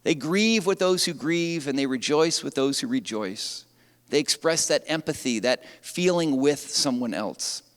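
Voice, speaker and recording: Pastor, male, lively conversational sermon, slightly high voice, long church reverb. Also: unhurried, clean tone. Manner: animated, conversational preaching. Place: church sanctuary.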